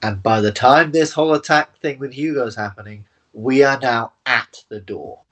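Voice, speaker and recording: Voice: mid-range voice, moderate pace, a bit bright. A tabletop player who rambles and hedges, working through ideas with 'like' and 'you know'. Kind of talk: casual tabletop chat.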